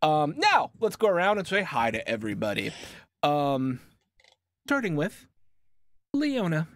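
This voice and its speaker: A man's voice: a little high, measured pace, dry recording, studio quality. A man hosting a tabletop game stream, chatting casually and joking over a video call. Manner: animated, joking, rambling. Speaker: game master and stream host. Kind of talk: casual livestream chat.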